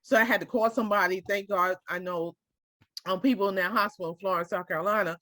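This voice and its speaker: A woman's voice: mid-range voice, fairly even intonation, quick pace, pushed and bright, dry recording, clean studio sound. A woman telling a personal story to a small group, speaking directly and emotionally and often checking that her listeners follow her.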